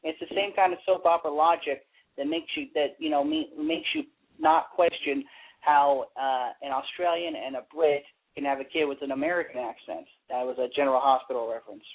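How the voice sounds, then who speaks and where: A man's voice: on the high side, lively intonation, fairly quick. A man joining a casual radio chat as a guest, making wry jokes. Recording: tinny phone-like radio line.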